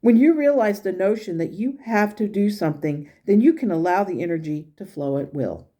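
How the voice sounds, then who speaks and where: A woman's voice: medium pitch, expressive, fairly quick, warm tone, lightly acted. A woman voicing a blunt but caring spirit guide as she reads its messages aloud. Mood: encouraging. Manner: blunt, encouraging, exasperated at times. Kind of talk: reading channeled messages aloud.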